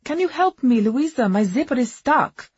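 A rich, dramatic foreign-born woman, put on by a female audiobook narrator, talking in broken English with the articles dropped. Her voice sits higher and louder than the narrator's husky, mellow tone. It is a dry, dull, close recording. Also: animated, normal speed, no echo, heavily acted. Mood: exasperated.

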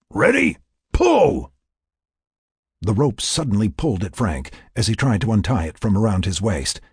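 A man with a low, raspy voice narrates a tense story in a measured way. His delivery moves widely up and down in pitch. The recording is dry and close, with no room sound. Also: darkish tone, dry recording. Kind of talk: scripted narration.

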